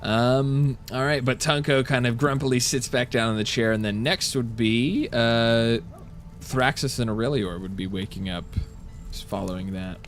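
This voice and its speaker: A man's voice: medium pitch, normal speed, soft background music. Laid-back male game master. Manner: relaxed, filler-heavy narration. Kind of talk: narrating a tabletop game.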